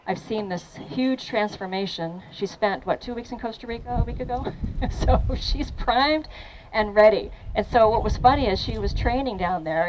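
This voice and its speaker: An upbeat woman trainer leads a live demo in front of a crowd, mixing instructions with frequent laughs. Her pitch sits in the middle of the usual range. Faint background noise runs under her voice. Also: darkish tone, rough recording. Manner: upbeat, encouraging, laughs often. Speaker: fitness trainer. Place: outdoor event with a crowd.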